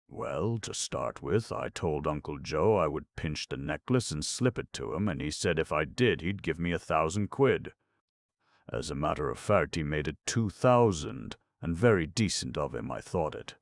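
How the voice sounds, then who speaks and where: A man voicing a dim but good-natured young gentleman in an audiobook, bumbling and plaintive, full of upper-class slang. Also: a bass voice, animated, measured pace, gravelly, no echo, clean studio sound, full character voice.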